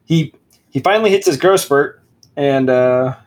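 Sarcastic husky-voiced man. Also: mid-range voice, unhurried. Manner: sarcastic, reads passages aloud with mock dramatic voices. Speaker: podcast co-host. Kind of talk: casual mocking book review chat.

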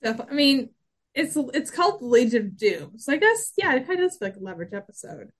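A woman co-hosting a podcast, chatting excitedly about a TV episode and laughing often. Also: sits high, fast. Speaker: podcast co-host. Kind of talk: casual chat recapping a TV episode.

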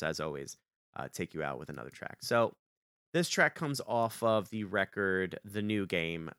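Bright, crisp-voiced man telling a story. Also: no echo, clean studio sound. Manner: animated, acts out quoted dialogue with big pitch jumps. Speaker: podcast co-host. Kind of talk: casual storytelling chat.

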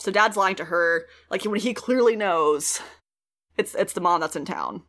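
A woman at a middle pitch talks through a show's episode plot for her podcast. She keeps it loose and chatty, swearing freely and slipping into voices for the characters. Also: normal speed. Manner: animated, swears freely, acts out quotes. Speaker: podcast host recapping a TV show. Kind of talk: casual chat.

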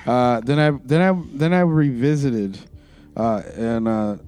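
A man's voice: medium pitch, measured pace, a little mellow, clear, resonant tone, faint music behind. A man co-hosting a podcast in casual chat, laid-back and wisecracking. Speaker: podcast co-host.

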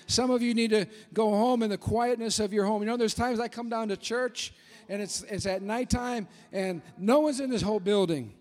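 A high-pitched man preaches with fervent emphasis and sometimes breaks into shouts. His voice carries a long, ringing reverb from the big sanctuary. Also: normal speed. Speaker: pastor. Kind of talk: sermon.

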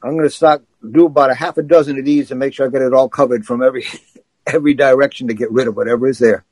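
A man's voice: medium pitch, steady tone, fast talker, darkish tone, breathy edge, no room sound, poor audio. A man co-hosting a podcast, talking in an earnest, matter-of-fact way. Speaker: podcast co-host. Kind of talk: casual chat.

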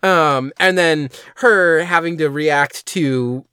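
Male podcast co-host, slightly high voice, dry close sound, loose and amused. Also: takes it slowly, clear, resonant tone, no room sound. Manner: relaxed, amused, many fillers. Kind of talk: casual film discussion.

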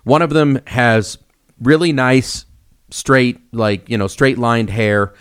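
A man's voice: medium pitch, slow, smooth. Young guy podcast host, storytelling, lots of ups and downs in his voice. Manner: animated storyteller, acts out quoted voices. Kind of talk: casual podcast chat.

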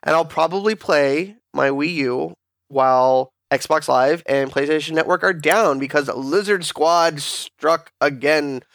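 A man's voice: a little high, a little slow, creaky, dry recording, clean studio sound. A man hosting a casual gaming podcast, telling crude, joking stories with lots of energy. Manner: crude, joking, animated storytelling. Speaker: podcast host.

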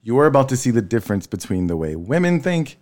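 A man in his thirties telling a family story in casual chat, tired, swearing freely and leaping up in pitch when he quotes people. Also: fast. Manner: animated storyteller, swears freely, jumps high when quoting. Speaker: podcast co-host.

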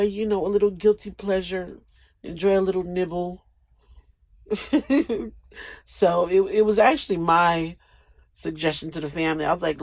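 A man's voice: high-pitched, a little mellow, no room sound. A man hosting a casual solo podcast, rambling and emotional, sometimes close to tears. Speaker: podcast host.

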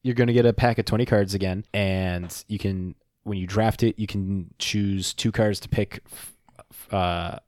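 Low-voiced man hosting casual chat. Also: steady tone, normal speed, darkish tone, no room sound, studio quality. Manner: casual, stumbling over words. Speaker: podcast host. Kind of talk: casual chat, reading announcements.

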